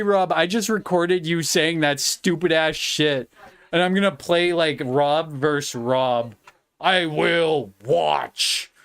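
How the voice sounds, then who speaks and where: A man's voice: on the high side, fairly bright tone, clean tone. A man hosting a podcast, sarcastically mocking and ranting with lots of profanity. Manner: mocking, sarcastic, profane, laughing between jabs. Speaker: podcast host. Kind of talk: ranting reaction commentary.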